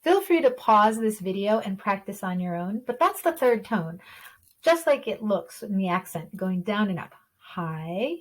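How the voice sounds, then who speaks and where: A woman's voice: medium pitch, big pitch swings, normal speed, low-quality recording. Patient woman teaching Chinese tones. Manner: patient, explanatory, models tones aloud. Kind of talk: online language lesson.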